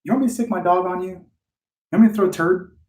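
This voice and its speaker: A man acting out an irate homeowner who yells and swears at a salesman to get off his lawn. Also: high voice, quick pace, echoey room, far from the mic, pitched above the performer's own voice, close to an everyday voice. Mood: angry. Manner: yelling, profane, hostile.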